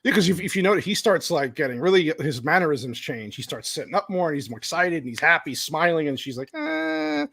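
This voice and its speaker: Animated man acting out movie scenes. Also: a little high, fast talker, few pauses, husky, no echo. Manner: animated, laughs a lot, acts out characters' lines. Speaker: podcast host. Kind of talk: casual movie discussion.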